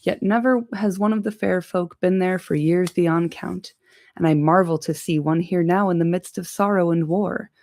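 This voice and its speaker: Stately courteous prince, read by a woman, low and dry. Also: steady tone, normal speed, a little mellow, no echo, lightly acted. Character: stately male human prince. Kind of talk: amateur audiobook reading.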